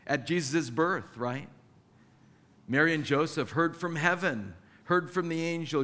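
A man's voice: fairly high pitch, unhurried, pushed and bright, big-room sound. A male pastor delivering a sermon in a conversational way, acting out the scripture passages he quotes.

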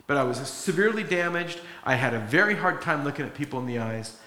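A man's voice: a little high, lively intonation, quick pace, pushed and bright, roomy sound, in a large hall. A middle-aged pastor preaching a sermon in an earnest, conversational way, acting out the quotes he tells.

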